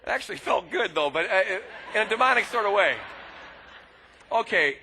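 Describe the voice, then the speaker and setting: A middle-aged male pastor preaching a sermon, telling a personal story in an animated way and shouting at times to act out anger. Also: high-pitched, moderate pace, creaky, slight background noise, poor audio. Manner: animated storytelling, bursts of loud shouting when acting out anger.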